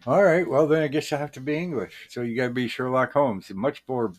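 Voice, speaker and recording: A man's voice: mid-range voice, brisk. A man co-hosting a comedy podcast, explaining things in folksy, ungrammatical talk with mock authority. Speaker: podcast co-host.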